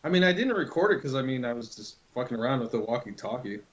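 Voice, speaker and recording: Quick and sing-song in a mid-range voice, a man recounts a long prank to a friend in casual conversation, relaxed and swearing heavily throughout. The audio is dull and lo-fi.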